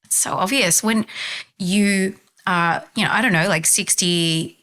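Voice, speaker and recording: A woman voicing an eager, incredulous male American tourist who asks rapid, insistent questions. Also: mid-range voice, bright, forceful tone. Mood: explaining.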